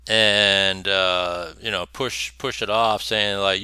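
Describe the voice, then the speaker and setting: A man's voice: low voice, fairly even intonation, moderate pace, pushed and bright, clean tone, dry recording. A man hosting a commentary show, talking bluntly and profanely with scornful laughs between points. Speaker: host. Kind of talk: opinionated commentary over clips.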